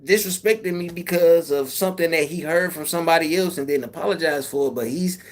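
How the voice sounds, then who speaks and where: A man's voice: a little high, brisk. Laid-back man chatting on a livestream. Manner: laid-back, swearing, laughs often. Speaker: YouTube livestream host. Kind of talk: casual chat with viewers.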